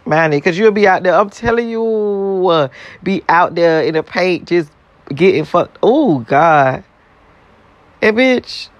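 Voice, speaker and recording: A man's voice: high-pitched, no room sound, dull audio. A man in a casual, blunt, profane rant to his viewers, repeating himself and laughing between points. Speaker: vlogger.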